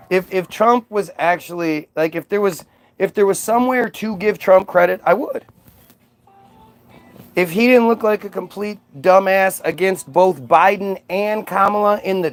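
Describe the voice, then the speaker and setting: High-voiced man ranting sarcastically. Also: normal speed. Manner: profane, sarcastic, exasperated. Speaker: vlogger. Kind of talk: casual ranting monologue.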